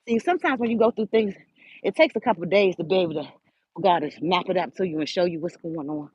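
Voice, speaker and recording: An older woman hosting a show, telling a spiritual story in an animated, preachy way and speaking right to her listeners. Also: lowish voice, fast, breathy edge, no room sound. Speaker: host. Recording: dull lo-fi audio.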